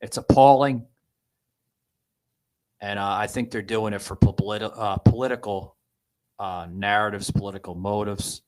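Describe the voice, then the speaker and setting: A man hosting a podcast, giving political commentary in a halting, distraught way with many restarts. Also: fairly low pitch, little pitch movement, low-quality recording. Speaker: podcast host.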